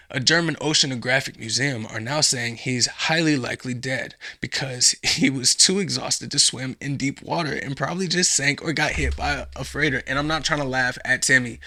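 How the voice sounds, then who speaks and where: A man's voice: medium pitch, vocal fry, bright, forceful tone. A man hosting a podcast, delivering a profane, sarcastic, rambling comedic monologue. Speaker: podcast host.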